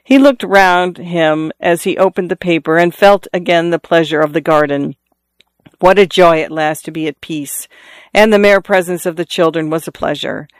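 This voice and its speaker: A man reading a novel aloud in a measured storytelling manner, lifting his voice for characters' calls. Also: clear, resonant tone, dry recording, studio quality. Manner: measured storytelling, lifts pitch for quoted calls. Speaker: audiobook narrator. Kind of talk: scripted narration.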